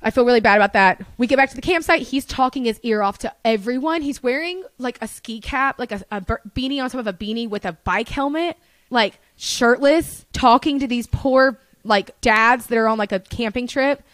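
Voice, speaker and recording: A young woman telling a casual story as a podcast guest, chatty and animated, swearing freely and saying "like" a lot. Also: on the high side, normal speed, no echo. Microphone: studio podcast mic.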